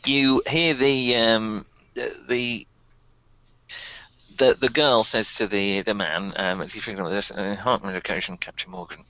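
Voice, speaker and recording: A man, running a tabletop game as game master and narrating in a halting way full of ums and restarts. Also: on the low side, fairly even intonation, sharp tone, no echo, lo-fi sound.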